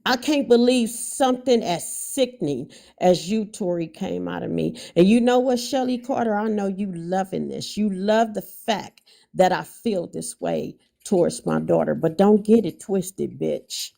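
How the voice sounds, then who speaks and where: Angry, gravelly-voiced woman on a livestream. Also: mid-range voice, measured pace, warm tone. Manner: blunt, angry, cutting. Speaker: guest mother on a livestream. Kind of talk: heated livestream talk.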